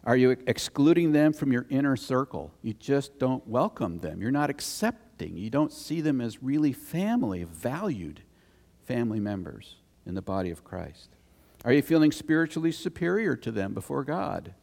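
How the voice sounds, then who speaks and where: A man's voice: mid-range voice, very animated, moderate pace, vocal fry, darkish tone. Man preaching in a reverberant hall. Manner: conversational storytelling preacher, rises to emphatic scripture reading. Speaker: pastor. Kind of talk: sermon. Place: church sanctuary. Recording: long reverb of a church hall.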